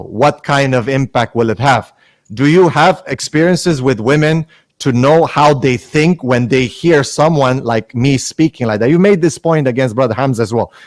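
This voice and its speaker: A man's voice: medium pitch, dry recording. Man, heated debate, combative, Arabic phrases, dry sound. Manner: combative, mixes Arabic religious terms.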